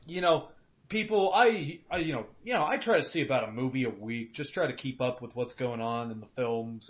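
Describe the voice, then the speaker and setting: A young man from Colorado co-hosts a casual podcast and talks in an animated, profane way, acting out his car and the drivers around him. His voice sits at an ordinary pitch for a man. The recording is dull and lo-fi. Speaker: podcast co-host. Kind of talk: casual chat.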